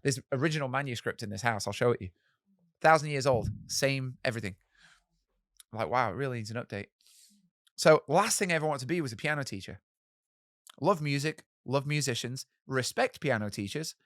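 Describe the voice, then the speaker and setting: A man in his thirties, a musician guest telling animated stories in an interview and acting out the voices of people he quotes. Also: medium pitch, brisk, no room sound, studio quality. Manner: animated, acts out quoted voices, swears casually. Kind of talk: storytelling in a podcast interview.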